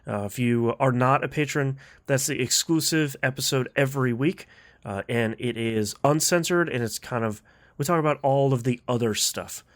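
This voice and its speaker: A man's voice: mid-range voice, moderate pace. Laughing man hosting a gaming podcast. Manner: chatty, laughs often, many fillers. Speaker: podcast host. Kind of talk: casual gaming podcast chat.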